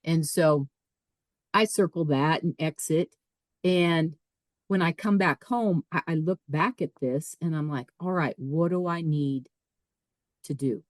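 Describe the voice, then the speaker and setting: A woman's voice: deep voice, unhurried, dry recording. A middle-aged woman, a podcast guest, telling a personal story emphatically, repeating phrases and voicing her own thoughts.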